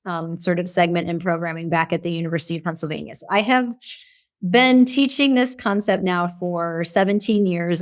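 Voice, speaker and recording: A middle-aged woman, a guest expert in a conversational interview, explaining with lively, animated delivery. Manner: animated, acts out example dialogue with big pitch jumps.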